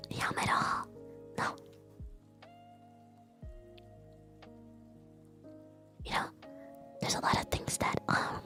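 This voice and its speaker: A woman streamer in a whispered chat stream, talking playfully and teasingly with her lips close to the microphone. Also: bright, forceful tone.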